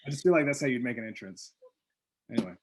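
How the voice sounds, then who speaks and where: A man's voice: medium pitch, quick pace, breathy edge. A man co-hosting a casual comedy podcast, rambling and acting out silly scenes. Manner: rambling, puts on silly voices for jokes. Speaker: podcast co-host. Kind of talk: casual chat.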